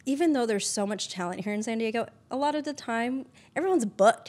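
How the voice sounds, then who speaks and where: A woman's voice: fairly high pitch, moderate pace, few pauses. A woman producer chatting casually as a podcast guest, peppering her talk with "like" and the odd swear. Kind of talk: casual interview chat.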